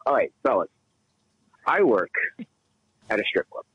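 A man's voice: mid-range voice, big pitch swings, unhurried, a bit bright, breathy edge, dry recording, poor audio. A man with an English accent calling in to a radio show, rambling and profane in a theatrical way. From England. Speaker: radio caller. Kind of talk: rambling comic call-in chat.

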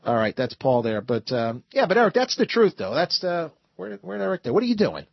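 A man hosting a call-in talk radio show, talking fast and repeating words as he builds his points. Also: on the high side, very animated, gravelly, husky, no room sound. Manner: stammering, repeats words while building arguments. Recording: muffled broadcast audio.

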